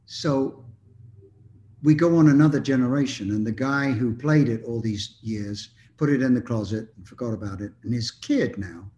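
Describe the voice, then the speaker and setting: A man's voice: mid-range voice, normal speed, dark tone, highs cut off. An older man, a musician guest, telling long anecdotes in a casual interview, rambling with frequent ums and restarts.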